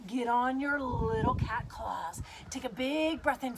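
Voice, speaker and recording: A woman's voice: fairly high pitch, measured pace, noisy background. A woman leading a guided kids yoga class, cueing poses in an upbeat, playful way and making animal sounds.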